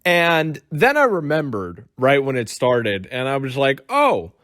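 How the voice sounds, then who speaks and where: A man's voice: medium pitch, sing-song, a little slow, fairly bright tone, no echo, studio quality. A man from the United States giving casual, rambling reaction commentary and swearing freely. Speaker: commentary YouTuber.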